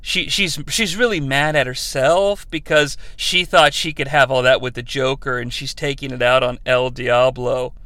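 A man's voice: mid-range voice, steady tone, moderate pace, few pauses, pushed and bright, no echo. A man recapping a movie in a sarcastic comic style, acting out the characters' lines as he goes. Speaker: comedy podcast host.

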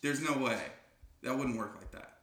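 A man's voice: medium pitch, moderate pace, crowd noise. A young man co-hosting a podcast, chatting casually and joking playfully with frequent swearing. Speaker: podcast co-host. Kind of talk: casual chat. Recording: roomy echo.

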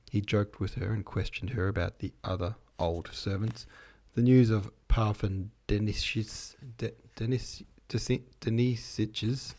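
A man giving a relaxed, informal reading of a classic novel, stumbling on long words and rereading them. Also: fairly low pitch. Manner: chatty asides between passages. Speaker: reader.

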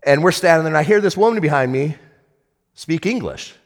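Male pastor, slightly high voice, chatty storyteller with asides, long church-hall reverb. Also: fairly quick. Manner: animated, chatty, many restarts and asides. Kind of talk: sermon storytelling.

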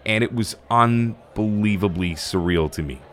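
A man with a somewhat low voice tells a story from his days as a stadium broadcaster and rink announcer. His delivery is casual and animated, with the easy flow of someone used to talking on a microphone. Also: normal speed.

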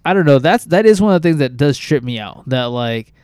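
A young man on a podcast, chatting in a loose, laid-back way with lots of swearing and filler words. His voice is smooth and clear, recorded close and dry with no room sound. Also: mid-range voice, expressive, fairly quick, a little mellow, no echo. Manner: laid-back, swears a lot, says "like" and "dude" constantly. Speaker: podcast co-host. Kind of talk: casual podcast chat.

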